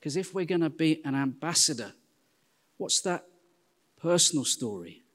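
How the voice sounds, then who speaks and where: An English man in his forties preaching a sermon in a church, telling self-deprecating stories in a lively way. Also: on the high side, normal speed. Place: church hall. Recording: long hall reverb.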